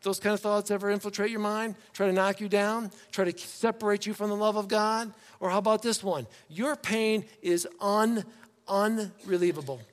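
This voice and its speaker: A man preaching a sermon to his congregation in a church, in a conversational, animated way, slipping into quoted voices. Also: sits high, brisk, hardly any pauses, long reverb tail. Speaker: pastor. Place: church sanctuary.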